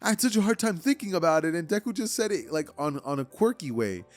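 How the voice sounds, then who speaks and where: A man's voice: a little high, big pitch swings, fast, faint music behind, voice pushed up. A man voicing a cheerful invisible teenage hero girl in a chatty, bubbly way. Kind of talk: fan story narration.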